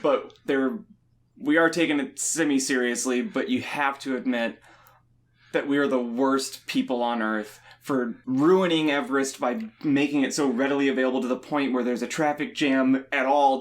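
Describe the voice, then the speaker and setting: A young man co-hosts a casual podcast chat, his voice at an everyday middle pitch. He rambles loosely, keeps joking and laughs often as he talks. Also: moderate pace. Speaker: podcast co-host.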